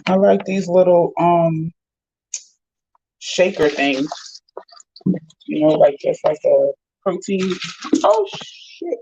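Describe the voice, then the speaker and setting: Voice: mid-range voice, steady tone, takes it slowly, pauses often, warm tone, slight background noise. A host chatting casually with livestream viewers, talking to the viewers and to pets along the way. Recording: dull lo-fi sound.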